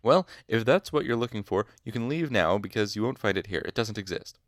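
A man's voice: fairly low pitch, animated, a little fast, dry recording, studio quality, close to an everyday voice. A man reading aloud as a stern male university master who scolds late students with mock courtesy. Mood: scornful.

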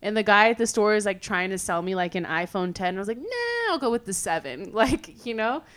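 A young woman from California hosts a casual podcast chat. She tells stories in an animated, filler-heavy way and swears freely. Her voice sits at an ordinary middle pitch. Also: a little fast, smooth. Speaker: podcast host.

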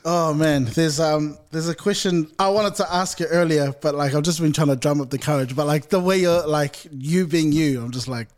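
A man co-hosting a podcast, asking a question hesitantly and politely with many pauses. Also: a little high. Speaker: podcast co-host. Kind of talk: casual podcast conversation.

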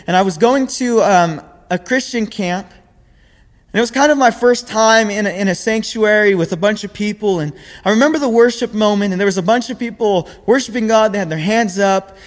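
A young man giving a sermon in an earnest way, often repeating words as he searches for the next phrase. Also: high voice. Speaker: preacher. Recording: long hall reverb.

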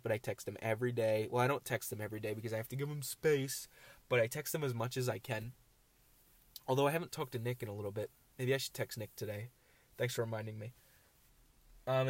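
A young man in his twenties rambles through a solo podcast from his parked car, sliding between glum confessions and jokey self-mockery. His voice sits at an ordinary middle pitch and sounds a little nasal from a coming cold. The sound is dry and close, with no room echo. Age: 20s. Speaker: podcast host. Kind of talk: casual solo podcast chat.

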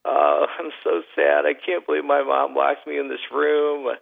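A whiny, gloomy little boy full of fretful complaints, as a man puts him on. The voice sits high above a grown man's range, with a gravelly edge. It comes through thin and phone-like, as on a radio call-in. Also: completely flat delivery, measured pace. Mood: sulking.

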